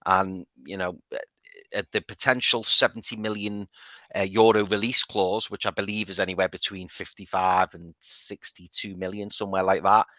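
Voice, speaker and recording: Bright-voiced fan, lo-fi. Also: male voice, low voice, steady tone, normal speed, no echo. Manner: rambling, repeats words, many fillers. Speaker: fan podcast panelist. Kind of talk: casual football chat. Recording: dull lo-fi dry remote audio.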